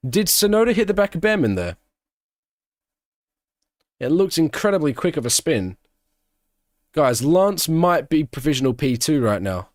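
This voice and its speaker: A man's voice: on the high side, moderate pace, long pauses, dry recording, studio quality. A man streaming a live race watch-along, giving casual commentary and answering questions from his chat. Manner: chatty, answers chat questions, breaks into excited shouting at big moments.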